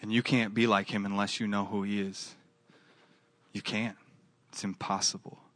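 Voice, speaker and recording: A man's voice: on the low side, flat delivery, moderate pace, fairly bright tone, dry recording. A man preaching a sermon with an earnest, repetitive cadence, then leading a closing prayer. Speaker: pastor.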